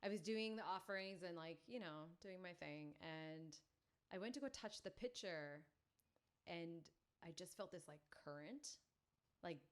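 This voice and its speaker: A woman podcast guest telling a personal story, animated and full of "like" fillers. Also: fairly low pitch, measured pace, clear, resonant tone. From family from India.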